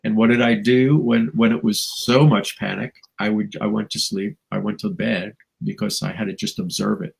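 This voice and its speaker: A man talks through spiritual ideas in a slow, musing way, with chuckles and playful asides. His voice is gravelly and rough, with a breathy, husky edge. He sounds like a guest teacher on a talk show. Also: fairly low pitch, steady tone, rough recording.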